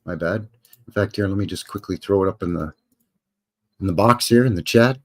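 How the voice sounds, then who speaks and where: An older Canadian man with a low voice, speaking a little fast, hosts a casual live stream chat. He rambles in a folksy, jokey way, peppering his talk with slangy asides.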